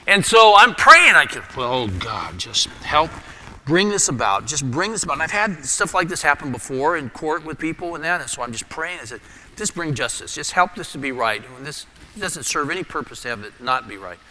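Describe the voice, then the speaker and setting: A middle-aged man preaching a sermon as a pastor, telling a personal story with lively energy and dropping his voice low for prayer. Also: normal speed, slight background noise. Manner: animated storyteller, drops to a hushed voice for prayer. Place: church sanctuary. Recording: long church reverb.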